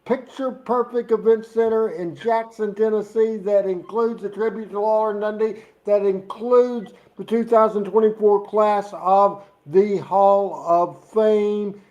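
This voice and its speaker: A middle-aged man from Arkansas co-hosting a wrestling talk show, joking and excitable as he plugs an upcoming event. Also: high voice, measured pace, hardly any pauses, highs cut off. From Jonesboro, Arkansas. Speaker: co-host.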